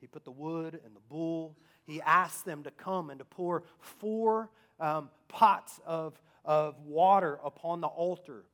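Man preaching, loud then hushed. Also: fairly high pitch, slow pace, few pauses. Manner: dramatic swings between loud emphasis and hushed asides; preaching with rhetorical questions. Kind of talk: sermon.

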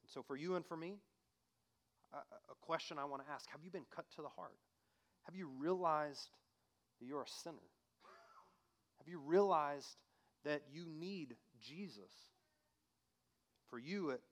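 A man preaching a sermon who reads scripture aloud and asks the listener direct questions. He swings between loud, emphatic passages and quiet, hushed appeals. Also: fairly high pitch. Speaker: pastor.

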